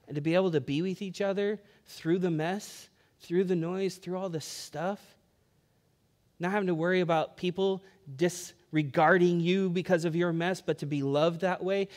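A man's voice: on the high side, a little mellow. A man preaching a sermon as pastor, conversational and storytelling, building emphasis as he speaks.

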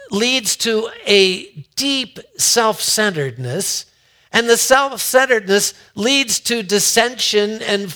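A man preaching in a relaxed, folksy, conversational manner, stretching his words out slowly. His voice is bright and forceful and sits a little high for a man. He repeats words when he builds to a point. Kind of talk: conversational sermon.

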